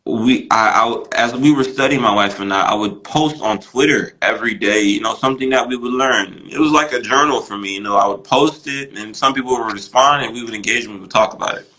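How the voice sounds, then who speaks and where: A man guest on a podcast telling his story casually, full of "you know" and "right," jumping his pitch up when he acts out what others said. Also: brisk, hardly any pauses, poor audio. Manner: animated, acts out quoted voices with big pitch jumps.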